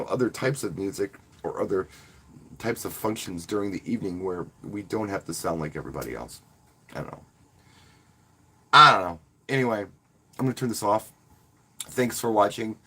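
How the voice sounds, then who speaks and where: A man who works as a wedding DJ, casually talking to viewers on a live stream in a rambling, friendly way and often restarting his words. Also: on the low side. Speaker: wedding DJ and channel host.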